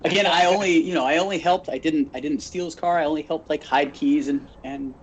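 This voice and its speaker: A Phoenix, Arizona man co-hosts a podcast, spinning stories in casual conversation and acting out each quote with animation. His voice sits a little high and moves briskly, with a slight hiss or hum underneath.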